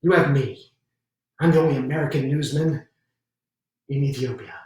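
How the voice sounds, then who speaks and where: A man's voice: medium pitch, fairly even intonation, moderate pace, darkish tone, close to an everyday voice. An actor playing a young American newsman who speaks hesitantly and deferentially and keeps calling his superior "sir". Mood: eager. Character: eager American newsman, young man, scheming. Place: theater stage. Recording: echoey stage from far off.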